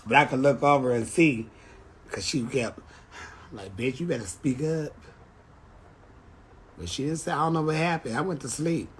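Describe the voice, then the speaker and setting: A man's voice: mid-range voice, brisk, a little hiss or hum. A man chatting casually on a phone livestream, telling brash, profane stories. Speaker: drag performer on a livestream.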